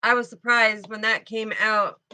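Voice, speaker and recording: A woman's voice: on the high side, level tone, unhurried, sharp tone, smooth, low-quality recording. A woman doing a spiritual card reading, talking in a fervent, emotional way and often repeating herself.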